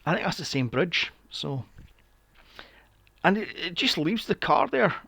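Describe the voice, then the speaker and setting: A man's voice: a little high, sing-song, unhurried, gravelly, pushed and bright, husky, no echo. A young man recapping a film on a podcast, sarcastic and swearing freely with mocking asides. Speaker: podcast co-host. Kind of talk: casual movie recap chat.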